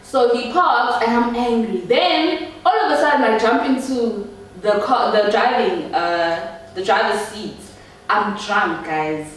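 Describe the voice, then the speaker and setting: A woman's voice: on the high side, measured pace, far from the mic. Chatty South African woman, echoey room. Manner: chatty, laughing, talks straight to viewers. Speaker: YouTuber. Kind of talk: storytime vlog.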